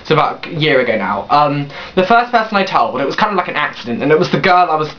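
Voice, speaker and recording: A very animated young man in his late teens speaks quickly in a fairly high voice on his vlog. Telling a casual personal story, he rambles, restarts, and curses bluntly, recorded on a dull lo-fi webcam.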